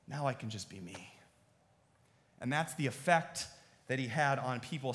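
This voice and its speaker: A man preaching a sermon as pastor, moving between hushed, earnest appeals and lively storytelling. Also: mid-range voice. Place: church sanctuary. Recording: long reverb of a large church hall.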